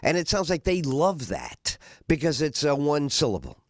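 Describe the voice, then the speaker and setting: Lively rambling man talk host. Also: on the high side, moderate pace, no echo, studio quality. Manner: rambling, animated, acts out voices of others. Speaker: radio talk show host. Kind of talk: casual monologue.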